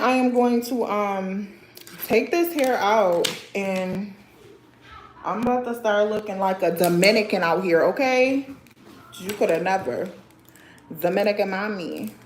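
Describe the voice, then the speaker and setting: Her medium-pitched, darkish voice carries slight background noise and a roomy echo as she hosts a casual livestream. The young host is blunt and sassy, laughs often, and calls viewers sir or girl.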